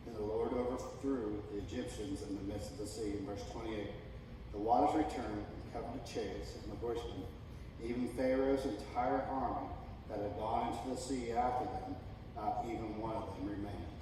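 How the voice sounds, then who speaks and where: A man's voice: lowish voice, normal speed, noisy background. A middle-aged man preaching a sermon as pastor, reading scripture and talking with humor. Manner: reads scripture, then preaches with rising excitement and humor. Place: church sanctuary. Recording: echoey church hall from far off.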